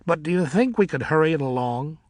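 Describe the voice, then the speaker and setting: A man's voice: fairly high pitch, expressive, fairly quick, no echo, pitched above the performer's own voice, natural voice. A man voicing a misshapen male ghost bat who speaks in a bored, impatient, sarcastic way.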